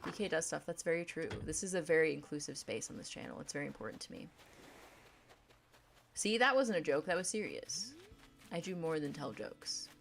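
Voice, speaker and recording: A woman streaming a game and chatting with viewers, given to dramatic mock outrage and quick asides. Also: low-pitched, animated, gravelly, a little hiss or hum. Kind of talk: casual livestream chat.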